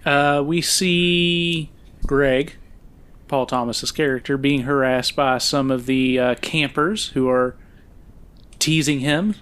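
A man's voice: mid-range voice, fairly even intonation, takes it slowly, fairly bright tone, clear, resonant tone. A man co-hosting a casual film-review podcast, recapping the plot with fillers and frequent laughs. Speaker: podcast co-host.

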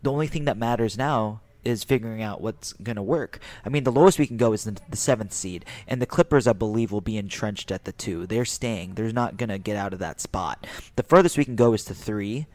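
A young man co-hosting a sports podcast, giving relaxed, measured opinions. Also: fairly low pitch, no echo. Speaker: podcast co-host. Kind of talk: casual sports podcast chat.

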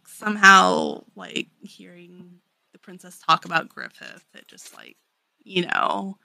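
A woman co-hosting a podcast, casually recapping a manga chapter with lots of filler words, swearing and quick paraphrased character lines. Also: mid-range voice, creaky, bright, forceful tone, no room sound. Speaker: podcast co-host.

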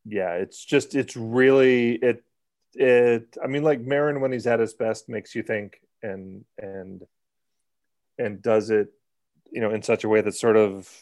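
A man's voice: on the low side, unhurried, a little mellow. A man co-hosting a podcast, telling stories in a rambling, self-interrupting way with chuckles. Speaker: podcast co-host. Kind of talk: casual chat.

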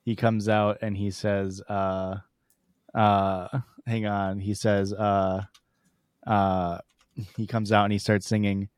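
A man's voice: lowish voice, level tone, slow pace, clear, resonant tone, dry recording, clean studio sound. A man co-hosting a podcast, trading jokes and laughing often in casual banter. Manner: joking, riffing, laughs often. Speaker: podcast co-host.

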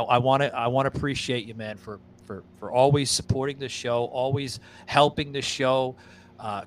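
A male podcast host in loose, rambling chat, tripping over his words and restarting sentences. His voice sits in an ordinary middle pitch. A faint hiss of background noise runs under his talk. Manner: rambling, stammering, repeats words, swears while eating. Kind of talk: casual show chat with sponsor read.

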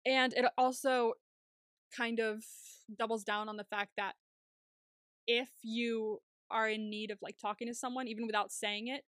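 A woman co-hosting a podcast, giving a casual, animated recap of a TV episode and acting out scenes with laughs. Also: a little high, moderate pace, clear, resonant tone, no room sound, clean studio sound. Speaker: podcast co-host.

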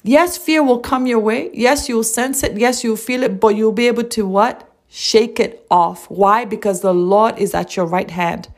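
A woman's voice: fairly high pitch, moderate pace, hardly any pauses. A woman giving a devotional sermon, earnest, reading scripture aloud and asking rhetorical questions. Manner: earnest, repeats lines, asks rhetorical questions. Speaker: preacher.

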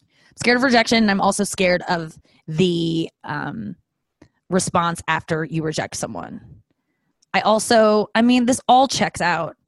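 A woman's voice: lowish voice, expressive, a little slow, dry recording. A woman hosting a casual solo podcast from home, chatty and self-deprecating, rambling with many fillers and acted-out asides. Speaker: podcast host. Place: home, talking to her dog.

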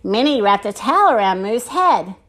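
A woman reading a children's chapter book aloud with expressive narration. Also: medium pitch. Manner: expressive and slow. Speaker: storybook reader.

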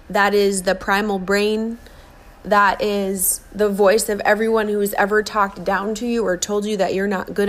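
A woman in her forties giving an earnest, coaxing motivational talk, acting out the kind and harsh inner voices she describes. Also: mid-range voice. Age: 40s. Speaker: self-help speaker. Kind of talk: motivational monologue.

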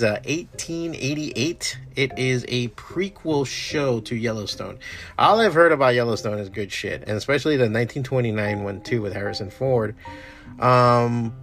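A man's voice: medium pitch, a bit bright. Profane, rambling man chatting casually. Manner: profane, enthusiastic, trails off into mumbles. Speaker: comic artist streamer.

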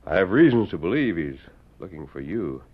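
A masked frontier lawman from a 1940s radio western, speaking in a very deep, measured, commanding voice. His orders come out firm and steady. The sound is dull and muffled, like an old radio broadcast. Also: breathy edge, full character voice.

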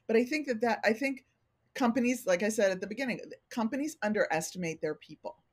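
She talks fast, her voice a little high with a breathy edge: a middle-aged organizational consultant guesting in a casual podcast interview. Openly and animatedly, she acts out the quoted remarks of people she encounters.

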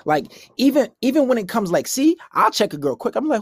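A man's voice: sits high, big pitch swings, fairly quick, no room sound. Profane young man ranting, close and dry. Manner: profane, rambling, blunt. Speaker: podcast host. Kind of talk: casual dating-advice rant. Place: home room at night. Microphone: laptop.

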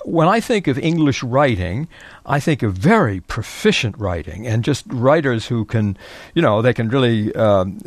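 A man's voice: medium pitch, no echo. A man co-hosting a radio interview, musing aloud and listing examples as he builds his question. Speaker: radio co-host.

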